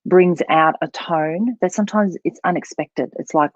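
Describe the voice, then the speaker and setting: A woman's voice: on the low side, normal speed, hardly any pauses, no echo, muffled recording. A woman who coaches voice and public speaking, explaining as an interview guest and showing voices as she talks. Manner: expressive, demonstrates voices while explaining.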